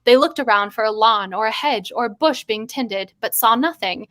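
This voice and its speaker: A woman hosting a writing stream, reading her own short story aloud with animated asides and frequent laughter. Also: a little high, normal speed, no room sound. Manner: animated, laughs often between passages. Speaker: writer and stream host.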